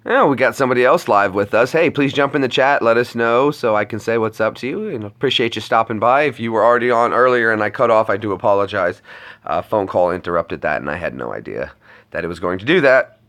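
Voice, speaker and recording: A man's voice: on the low side, animated, fast talker, fairly bright tone. A man chatting casually to viewers on a live stream, rambling with lots of restarts.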